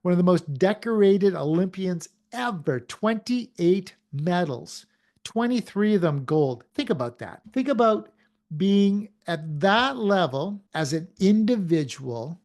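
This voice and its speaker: A middle-aged man hosting a motivational podcast, energetic and firing many questions at the listener. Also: sits high, takes it slowly. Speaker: podcast host. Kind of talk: motivational talk.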